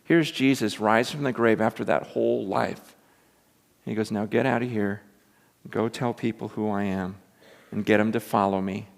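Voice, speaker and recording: A man preaching a sermon in a lively, animated way, acting out quotes and building to loud, excited peaks. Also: fairly low pitch, normal speed, gravelly. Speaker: pastor. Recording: long reverb of a large hall.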